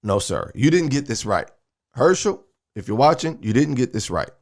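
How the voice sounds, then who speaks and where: A man's voice: medium pitch, big pitch swings, moderate pace. A man who is a minister hosting a commentary show, reacting to clips in an emphatic, preachy way. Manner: preachy and emphatic, uses sports metaphors. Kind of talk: commentary on a video clip.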